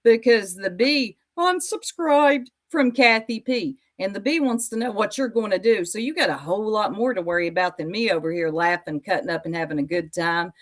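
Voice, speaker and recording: A woman's voice: medium pitch, normal speed, few pauses. A woman hosting reaction commentary, mocking a clip and talking straight to her viewers with sass. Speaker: YouTube commentary host.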